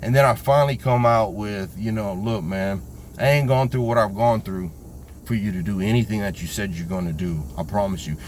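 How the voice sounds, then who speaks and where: A man casually telling a personal story, animated and slangy, acting out the voices of the people in it. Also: fairly low pitch, a little fast, slight background noise.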